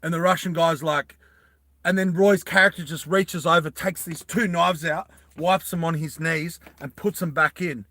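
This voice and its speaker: A man's voice: fairly high pitch, normal speed, no room sound. A man animatedly telling a movie story to friends, often asking "right?". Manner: animated, laughing, repeats "right?". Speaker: storyteller pitching a movie plot.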